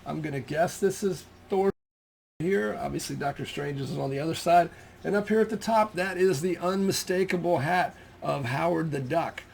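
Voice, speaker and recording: A man's voice: fairly high pitch, normal speed, gravelly, darkish tone, slight background noise. A middle-aged man from the United States chatting casually about a collection, rambling with lots of ums and restarts. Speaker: comic collector showing his finds. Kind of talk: casual show-and-tell chat.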